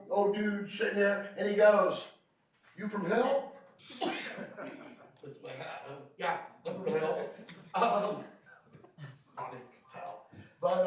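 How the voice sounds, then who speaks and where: High-voiced joking trainer in an echoey room. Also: male voice. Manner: joking storyteller who quizzes the class. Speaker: field service trainer. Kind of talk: hands-on technical training class. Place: training room with a live class. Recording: very echoey room, recorded from far off.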